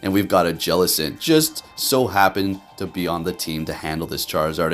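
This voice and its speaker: A man giving animated, profane commentary over his own gameplay as a game video host. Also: low voice, normal speed, few pauses, soft background music.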